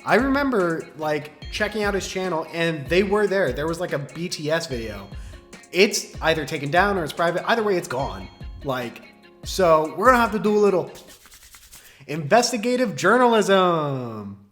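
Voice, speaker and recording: Young male commentator, playful and jokey, slightly high voice, faint music underneath. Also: very animated, normal speed, fairly bright tone. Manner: playful, joking, laughs often. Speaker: video commentator. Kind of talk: casual reaction commentary.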